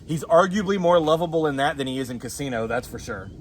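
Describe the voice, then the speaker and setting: A man's voice: fairly high pitch, expressive, fast, slight background noise. A man with a Southern US accent co-hosting a casual movie chat, rambling and profane, laughing often. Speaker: co-host.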